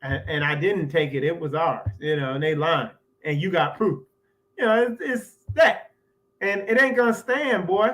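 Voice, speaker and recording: A man with a fairly high voice hosts a casual commentary monologue. He talks loosely and chattily, and he keeps coming back to the same filler phrases. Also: moderate pace, a bit bright, low-quality recording. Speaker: host.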